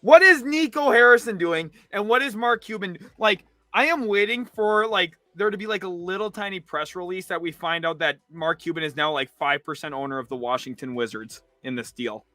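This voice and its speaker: A young man hosting a sports livestream, reacting in an exasperated rant that swings between loud outbursts and low mutters. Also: fairly quick, few pauses, dry recording. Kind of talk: live reaction commentary.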